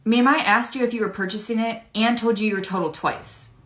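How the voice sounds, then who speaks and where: A woman playing a patient female retail cashier who stays flat and polite with rude customers in a comedy skit. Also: fairly high pitch, brisk, close to an everyday voice. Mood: deadpan. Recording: echoey room.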